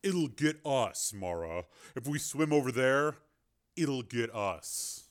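A man's voice: medium pitch, animated, slow pace. A man reading the lines of a frustrated man who curses while swimming in danger. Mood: urgent. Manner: exasperated, cursing.

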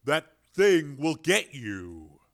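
A man's voice: fairly high pitch, big pitch swings, very slow, a bit bright, full character voice. A man reading the lines of a frustrated man who curses while swimming in danger. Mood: exasperated. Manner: exasperated, cursing.

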